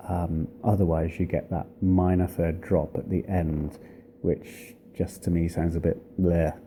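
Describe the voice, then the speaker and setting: A man giving an informal spoken lesson on church chant, thoughtful and hesitant, pausing often to find his words. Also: low-pitched, gravelly, warm tone, slight background noise. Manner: thoughtful, hesitant, many pauses and fillers. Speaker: church music teacher.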